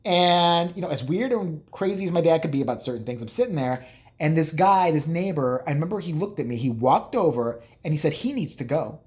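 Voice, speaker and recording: A man's voice: on the high side, animated, a little fast, darkish tone. A man vlogging casually, telling rambling, profane, joking stories about his family. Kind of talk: casual storytelling.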